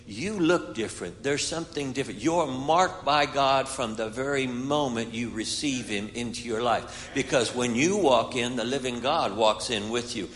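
A man's voice: mid-range voice, measured pace, hardly any pauses, a bit bright. A man preaching a sermon, retelling a Bible story and voicing its characters. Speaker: guest preacher. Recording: hall reverb.

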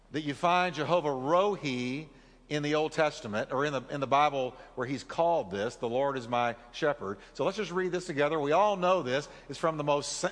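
A man's voice: fairly high pitch, fairly bright tone. Earnest male pastor in a reverberant sanctuary. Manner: earnest, leads congregation in reading and prayer. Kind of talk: sermon.

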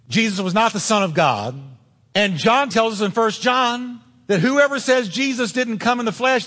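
A man's voice: high-pitched, a bit bright. A man preaching a sermon as pastor, emphatic and insistent, addressing the congregation directly. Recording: long hall reverb.

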